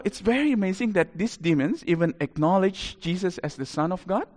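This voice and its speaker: A man preaching a sermon, telling a story animatedly with big swings in loudness. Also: high-pitched, animated, moderate pace, in a large hall.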